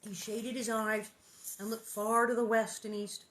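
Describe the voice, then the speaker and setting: A woman's voice: a little high, little pitch movement, measured pace, a bit bright. A woman reading a children's book aloud, breaking off for squeamish, jokey asides. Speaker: reader.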